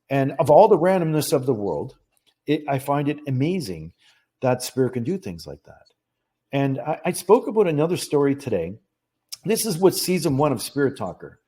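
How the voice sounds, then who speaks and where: A man who is a psychic medium, telling a story as a podcast guest, earnest and animated, acting out the dialogue and often restarting his phrases. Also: on the high side, moderate pace, husky. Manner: animated, acts out quoted dialogue. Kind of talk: conversational storytelling.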